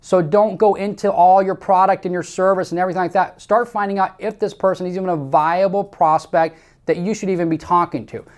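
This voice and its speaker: A man's voice: high-pitched, steady tone, fairly quick. An emphatic man leads a sales training session, speaking directly to his listeners. He repeats his key points and gives firm, step-by-step instructions in the manner of a seasoned coach. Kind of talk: sales training talk to camera.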